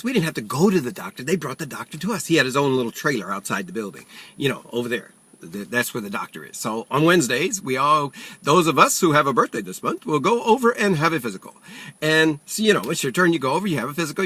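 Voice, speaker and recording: A man's voice: on the high side, sharp tone, slightly rough. An older retired man telling a rambling, self-mocking comic story. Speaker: retiree ranting. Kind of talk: comic monologue.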